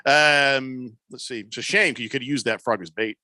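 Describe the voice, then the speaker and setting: A man's voice: medium pitch, moderate pace, sharp tone, dry recording. A man hosting a sports radio show, chatting casually, joking and reading out listener texts. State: losing his voice. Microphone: studio microphone.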